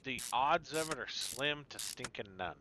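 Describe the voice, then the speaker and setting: A man's voice: medium pitch, animated, normal speed, very noisy. A middle-aged man streaming a game, explaining engine repair to viewers in a chatty, knowing way. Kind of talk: casual gameplay commentary.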